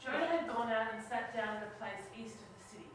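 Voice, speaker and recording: A woman in a Bible study group reading scripture passages aloud in a steady, plain way. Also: a little high, fast talker, slight background noise. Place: room with a small group, away from the mic. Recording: distant voice in an echoey room.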